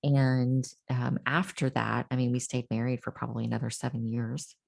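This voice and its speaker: A middle-aged woman speaks as an interview guest, telling her own story in a candid, reflective way. Her voice sits very low with a gravelly fry. She pauses often and restarts her sentences. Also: flat delivery, darkish tone.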